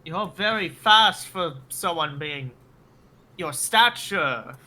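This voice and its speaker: A man's voice: a little high, lively intonation, takes it slowly, sharp tone. A man playing in a tabletop game, in a playful, coaxing manner with laughter. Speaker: player. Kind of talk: in-character roleplay and table talk.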